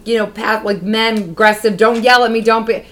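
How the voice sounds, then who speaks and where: A woman's voice: on the high side, fairly even intonation, normal speed, a bit bright. A woman co-hosting a casual podcast, rambling chattily and swearing often. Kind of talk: casual chat.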